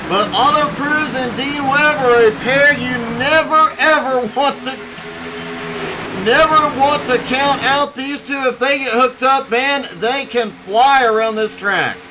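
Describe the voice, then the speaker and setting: A man commentating a sim racing broadcast from the booth, excitable and prone to laughing between calls. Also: extremely high pitch, a little slow, background noise. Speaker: race commentator.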